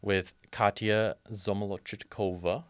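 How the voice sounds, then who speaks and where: A young adult man co-hosting a podcast, telling a story in an expressive, playful way. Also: fairly low pitch, measured pace, clear, resonant tone. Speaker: podcast co-host. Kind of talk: casual podcast chat.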